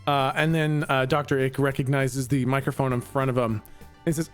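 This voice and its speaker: A man's voice: mid-range voice, level tone, moderate pace, soft background music. A man running a tabletop game as game master, laughing often and improvising with lots of fillers.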